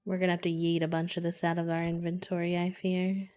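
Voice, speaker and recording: A woman streamer giving casual live gaming commentary, giggly, slangy and excitable. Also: on the low side, quick pace.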